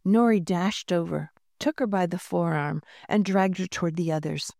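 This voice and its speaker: A woman narrating a children's storybook in a gentle, unhurried reading voice, lightly voicing the characters. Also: lowish voice, vocal fry, no room sound, studio quality. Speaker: audiobook narrator.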